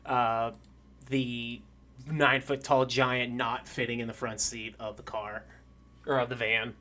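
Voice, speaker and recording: A man narrating a tabletop game as game master, pausing often with filler sounds. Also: medium pitch, flat delivery, pushed and bright. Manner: halting, lots of "um" pauses.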